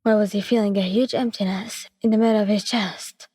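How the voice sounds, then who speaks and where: A woman narrating a scripted story in a steady, plain reading manner. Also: medium pitch, fairly quick, studio quality. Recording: breathy voice with long reverb.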